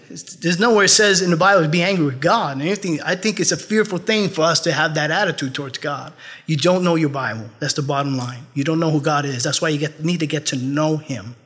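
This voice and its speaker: A pastor preaching a sermon, emphatic and repetitive, with laughing asides. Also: male voice, fairly high pitch, pushed and bright. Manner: laughs at his own jokes.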